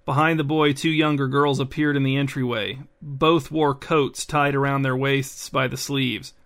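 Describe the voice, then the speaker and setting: A man hosting a podcast and reading a bedtime story in a calm, even narration. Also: mid-range voice, moderate pace.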